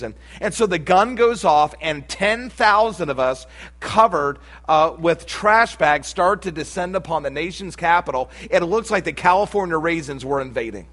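A man's voice: fairly high pitch, fairly bright tone. A middle-aged man preaching a sermon, telling a humorous personal story with folksy asides before turning to scripture. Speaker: pastor.

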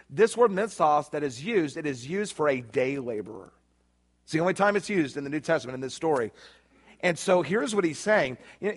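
Emphatic man preaching a sermon. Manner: emphatic preaching, acts out quoted prayers with rising pitch. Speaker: pastor.

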